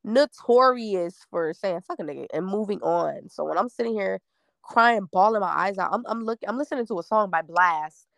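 A woman's voice: mid-range voice, moderate pace, gravelly, fairly bright tone, no echo. A young woman singer talking casually about her debut EP, blunt and emphatic, often laughing. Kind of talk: casual interview chat.

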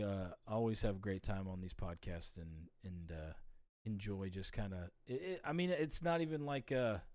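A young man hosting a casual podcast, friendly and relaxed, greeting viewers and thanking his guest. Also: fairly low pitch, no echo, clean studio sound. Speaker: podcast host.

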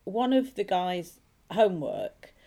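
A woman who teaches creative writing, telling a story as a radio guest, lively and often laughing. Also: on the low side, slow, creaky. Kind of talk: casual radio interview.

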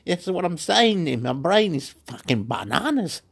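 A fairly high-voiced man from Chile, a native Spanish speaker, talks in a rambling, profane monologue. He gets excitable, repeats words over and over and breaks into chanting. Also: moderate pace, creaky, slightly rough. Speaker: vlogger. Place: Wollongong, Australia.

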